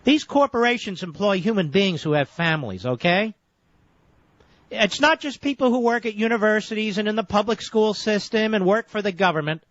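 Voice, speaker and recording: A male talk radio host with a high voice who lectures and keeps interrupting. The sound is dull and lo-fi, and the booth is dry and close. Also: expressive, moderate pace, a bit bright, no echo. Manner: lecturing, insistent, cuts the caller off. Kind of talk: combative call-in radio debate.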